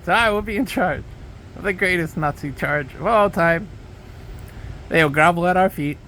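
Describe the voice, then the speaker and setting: A man's voice: high-pitched, moderate pace, sharp tone, slight background noise, pitched above the performer's own voice, rough recording. A man putting on a mocking impression of a boastful older male politician, bragging in exaggerated repetitive phrases.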